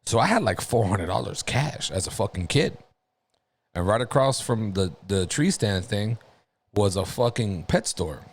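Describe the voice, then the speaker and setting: Man, low-ish voice that swings a lot, swears freely, animated storyteller on a podcast. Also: a little slow, husky. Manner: profane, animated, laughs through his own story. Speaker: podcast co-host. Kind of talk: casual storytelling.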